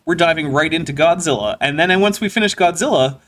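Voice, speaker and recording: A man hosting a livestream in casual chat, talking in an animated, rambling way. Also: fairly high pitch, brisk. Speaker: livestream host.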